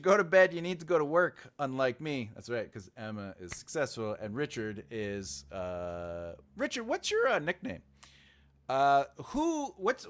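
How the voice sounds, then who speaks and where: A man's voice: medium pitch, a bit bright. A man hosting a writing channel livestream, casually chatting and teasing viewers in a playful, giggly way.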